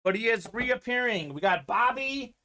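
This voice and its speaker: A man's voice: extremely high pitch, animated, moderate pace, bright, forceful tone. A man hosting a live-streamed sports card break, giving upbeat running commentary on teams and players.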